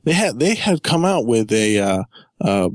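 A man's voice: mid-range voice, very animated, measured pace, no echo. A man hosting a gaming podcast, joking and chatting casually with his co-host.

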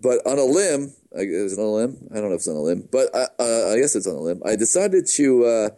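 An easygoing man co-hosts a casual gaming chat, wandering through his thoughts and correcting himself as he goes. His voice is warm and mellow, with an unhurried flow. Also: fairly low pitch, big pitch swings. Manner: easygoing, meandering, self-correcting. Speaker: podcast co-host.

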